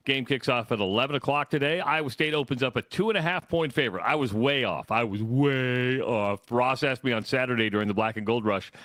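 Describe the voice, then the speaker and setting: A man hosting sports radio, energetic and joking at his own expense. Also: medium pitch, fast talker, few pauses, no echo. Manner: energetic, self-deprecating.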